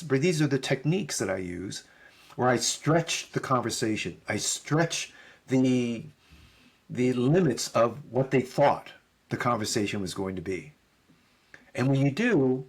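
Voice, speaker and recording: Husky middle-aged man telling a story. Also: medium pitch. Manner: animated storyteller acting out both sides of dialogue. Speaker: podcast guest. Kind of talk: storytelling in conversation.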